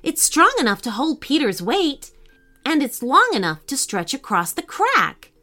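A woman's voice: high-pitched, very animated, unhurried, pushed and bright, soft background music, voice pushed up, full character voice. A woman voicing Steve, a bossy young T-rex. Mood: thoughtful. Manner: commanding, urgent. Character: young male T-rex, bossy quick thinker.

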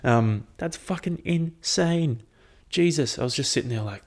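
A man's voice: mid-range voice, expressive, measured pace. A young man, rambling through casual, profane chat as a podcast host. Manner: rambling and profane, with frequent ums.

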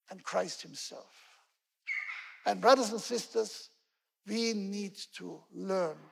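A man's voice: high-pitched, gravelly, breathy edge, long reverb tail. A man preaching a sermon as pastor, telling the story earnestly and repeating key words for emphasis. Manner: earnest storytelling, fillers like "you know", emphatic repetition.

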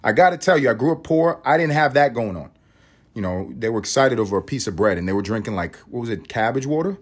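A man hosts his own podcast alone, rambling through a profane, animated rant. His voice has a husky edge and sits at an ordinary middle pitch. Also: fast talker. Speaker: podcast host.

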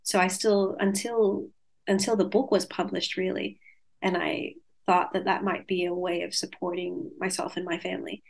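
A woman's voice: on the low side, level tone, moderate pace, gravelly. A woman in her twenties with an Australian accent tinged with Californian, talking reflectively as a guest over a video call, with many fillers and restarts. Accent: Australian with a light Californian tinge. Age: 20s. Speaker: guest author.

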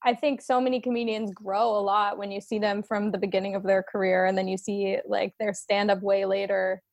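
A woman's voice: mid-range voice, level tone, a little fast, no echo. Woman comic, podcast guest, thoughtful and chatty, dry mic. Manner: thoughtful, lots of "like" fillers. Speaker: comedian guest. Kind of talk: casual podcast interview.

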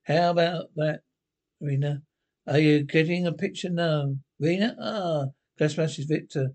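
A man's voice: on the high side, measured pace, a little mellow. An actor playing a grumbling older pensioner in a TV sitcom, blunt and sweary in banter with his pals. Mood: gossipy. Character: grumbling older Glasgow pensioner, nosy and sharp. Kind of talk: TV sitcom acting.

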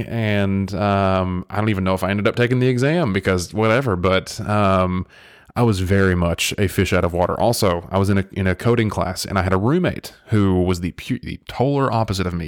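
A man's voice: on the low side, no echo, clean studio sound. A young man, the podcast host, telling stories in a rambling, casual way, full of fillers and restarts. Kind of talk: casual storytelling chat.

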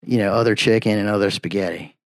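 A man talks as a guest on a podcast. He rambles through his stories and keeps tossing in "man" and "you know". The conversation is relaxed and unscripted. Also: on the low side, fast talker. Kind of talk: casual podcast chat.

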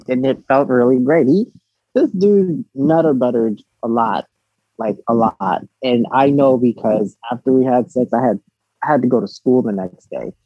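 Husky, giggly young man. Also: medium pitch, no room sound, highs cut off. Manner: giggly, frank, halting with many restarts. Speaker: interview guest. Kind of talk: candid casual interview.

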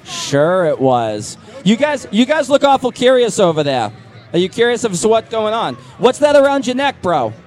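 A brash man from Boston hosts a comedy show, teasing passersby with jokes. His voice is high and swings up and down with lively animation. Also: brisk, a faint crowd. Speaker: host.

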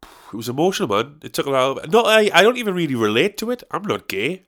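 A man's voice: fairly high pitch, sing-song, quick pace, fairly bright tone. Rambling man in his thirties. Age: 30s. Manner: rambling, chatty, self-mocking, swears. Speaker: comedian and musician. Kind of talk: casual solo monologue.

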